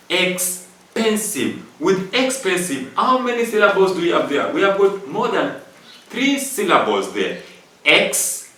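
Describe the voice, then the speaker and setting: A man's voice: a little high, pushed and bright. A man teaching an English grammar lesson, going step by step through rules and repeating them with examples. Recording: echoey room from far off.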